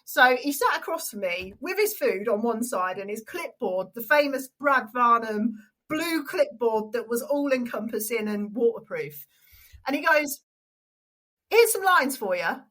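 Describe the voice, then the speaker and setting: A young adult woman with an English accent, a stadium announcer and radio presenter telling an animated story in an interview. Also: on the high side, unhurried, low-quality recording. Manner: animated storyteller, acts out quoted voices.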